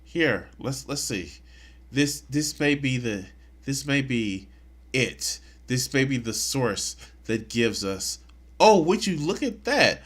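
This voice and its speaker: A man's voice: medium pitch, sing-song, takes it slowly, a bit bright, slightly rough. A man streaming live, commenting on clips in a mocking, crude way. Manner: mocking, crude, bursts into laughter.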